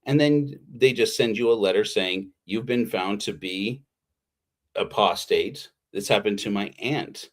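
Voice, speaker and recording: Male pastor, lower voice, informal livestreamed sermon, meandering and sincere. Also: unhurried. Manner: rambling, heartfelt, with frequent restarts. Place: Utah.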